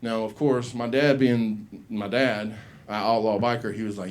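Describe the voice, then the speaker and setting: A man's voice: fairly low pitch, normal speed, few pauses. A man telling a profane story as a stand-up comic at an open mic, acting out the people he quotes. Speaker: stand-up comedian. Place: comedy club stage.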